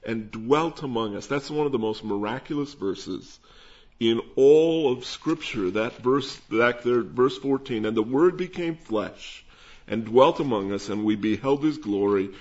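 Pastor guy going verse by verse, medium pitch, kinda dull lo-fi recording. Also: measured pace, a little mellow. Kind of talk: expository Bible teaching. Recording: dull lo-fi sound.

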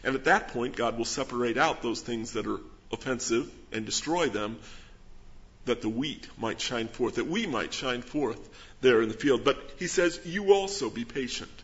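A man's voice: medium pitch, normal speed, fairly bright tone, dull audio. A man preaching a sermon, reading scripture and asking rhetorical questions with earnest emphasis. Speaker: pastor.

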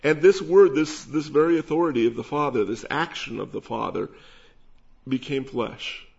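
A man preaching, teaching verse by verse through a Bible passage at an unhurried pace. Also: mid-range voice, gravelly, a little mellow. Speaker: pastor. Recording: dull lo-fi sound.

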